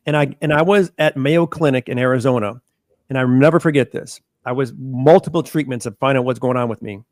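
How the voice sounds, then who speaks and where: A middle-aged man speaks earnestly in a candid conversation, stumbling over and repeating words as he restarts his sentences. His voice sits at an ordinary pitch, and the recording is dry with no room echo. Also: brisk. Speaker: podcast host.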